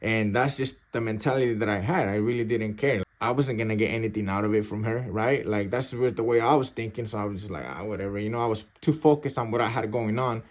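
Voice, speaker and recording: A man's voice: lowish voice, fairly even intonation, fast talker, few pauses. A former prisoner telling his story in a loose, casual way, full of slang, swearing and "like" and "right?". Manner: profane.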